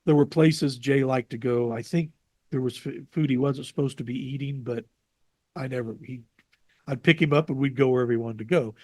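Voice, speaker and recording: A man being interviewed over a video call, telling lively anecdotes and acting out the people he quotes. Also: mid-range voice, brisk, no echo. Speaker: interview guest, jazz radio producer.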